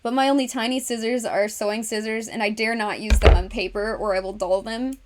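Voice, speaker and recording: Over some background noise, a brisk female livestream host with a voice on the high side and fairly even intonation chats with her viewers. She's doing a casual craft session, talking through each step aloud and often laughing.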